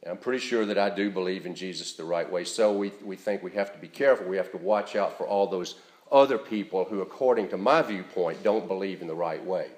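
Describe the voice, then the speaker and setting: A pastor delivering a Sunday sermon in a fairly low male voice, earnest and measured. He leans on key words to drive the point home. The sound carries the roomy echo of a church sanctuary.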